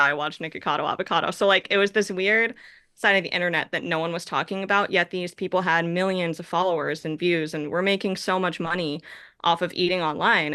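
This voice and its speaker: A woman's voice: fairly low pitch, pushed and bright, smooth, no room sound, clean studio sound. A young adult woman director answering festival Q&A questions in a chatty, rambling way that keeps correcting itself. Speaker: film director.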